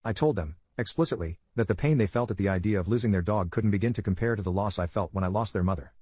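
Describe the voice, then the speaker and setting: A man reading online stories aloud in a rapid, steady read-aloud delivery. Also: on the low side, husky, no echo, studio quality. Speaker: story narrator.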